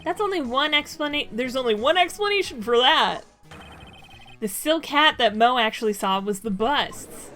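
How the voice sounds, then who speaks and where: A woman's voice: high voice, lively intonation, moderate pace, pushed and bright, faint music behind. A young woman streamer chatting and laughing playfully while reading game lines aloud. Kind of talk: casual chat while playing a game.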